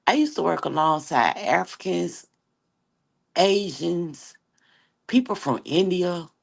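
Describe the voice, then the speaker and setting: Sassy Atlanta woman, gravelly voice. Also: on the low side, slow pace. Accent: Southern US, Atlanta. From Atlanta, Georgia. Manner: sassy, animated storytelling with slang. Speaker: livestream host. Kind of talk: casual chat with viewers.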